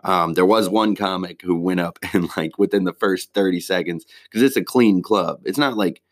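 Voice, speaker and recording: Sounding like a comedian catching his regulars up on his week, this man talks casually and at length in a deep, low voice at a moderate pace. He drifts from one point to the next, swearing constantly and using laid-back slang.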